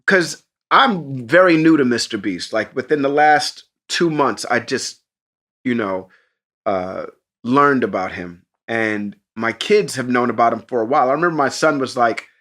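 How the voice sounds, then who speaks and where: A man co-hosting a podcast, telling an animated, profane story in casual chat and jumping into excited voices for the people in it. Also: mid-range voice, normal speed. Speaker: podcast co-host.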